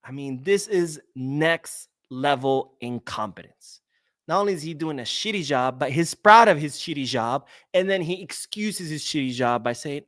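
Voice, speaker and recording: A young man hosts a live-streamed football podcast, ranting sarcastically and reading out viewer comments. His mid-range voice is animated and fairly bright at a moderate pace, in a dry, clean studio recording.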